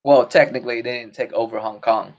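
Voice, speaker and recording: Gravelly-voiced man rambling on a lo-fi stream. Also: mid-range voice, steady tone, a little fast. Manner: rambling and profane, laughs often. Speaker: podcast host. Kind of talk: casual solo stream chat.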